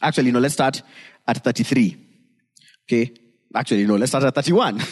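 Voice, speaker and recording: A male pastor preaching a sermon in a lively, joking way, acting out bits as he teaches. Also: mid-range voice, moderate pace, long pauses, big-room sound. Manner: lively, joking, retelling with voices.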